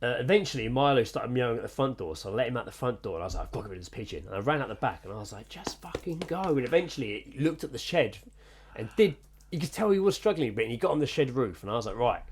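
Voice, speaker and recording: A man's voice: mid-range voice, animated, very fast, breathy edge. A man co-hosting a podcast, telling rambling, sweary anecdotes in casual chat. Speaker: podcast co-host.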